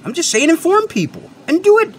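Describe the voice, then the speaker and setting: A man with a high voice that swoops up and down as he rants straight to his viewers. He lectures and repeats his points for emphasis, and he drops the odd swear word. A faint hum of air conditioning sits behind him. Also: huge pitch swings, a little fast. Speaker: channel host and product reviewer. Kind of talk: unscripted ranting monologue.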